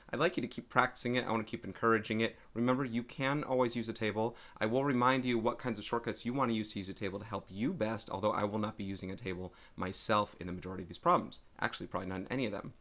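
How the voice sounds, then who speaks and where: Lower-voiced man teaching a math lesson. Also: steady tone, racing, few pauses, a bit bright. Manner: methodical, step-by-step explaining to students.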